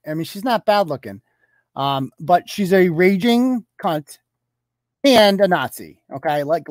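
A man's voice: on the high side, darkish tone, no echo, studio quality. Profane sarcastic male host. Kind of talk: live show commentary.

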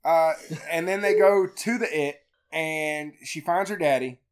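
A woman hosting a podcast, retelling a movie in a crude, profanity-heavy, animated way. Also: sits low, unhurried, smooth. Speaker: podcast host. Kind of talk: casual comedic movie recap.

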